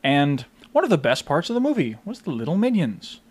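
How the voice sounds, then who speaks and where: Young male co-host, somewhat high voice, dry deadpan humor, relaxed movie chat. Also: fairly quick, breathy edge. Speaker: podcast co-host, movie reviewer. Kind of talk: casual chat.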